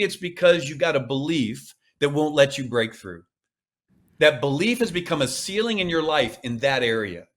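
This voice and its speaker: A man's voice: a little high, a bit bright. A man speaking as a podcast guest, coaching with emphatic, repeated phrases. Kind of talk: podcast interview.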